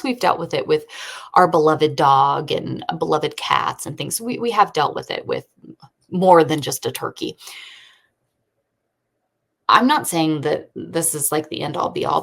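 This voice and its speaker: A woman in her thirties hosting a casual faith podcast from home, telling family stories with lively quoting and talking earnestly. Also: fairly low pitch, vocal fry. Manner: chatty storyteller, animated quoting, earnest faith talk. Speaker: podcast host and homeschooling mother. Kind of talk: casual chat. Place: at home during a thunderstorm.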